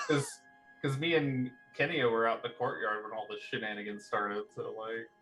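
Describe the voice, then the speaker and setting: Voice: mid-range voice, steady tone, moderate pace, a bit bright, soft background music. A player in a tabletop game, describing their character's actions casually with lots of fillers.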